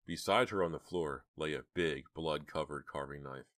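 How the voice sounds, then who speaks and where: A male narrator reads a horror audiobook in a steady, measured way. His voice is extremely deep, and the recording is dry and close. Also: dry recording.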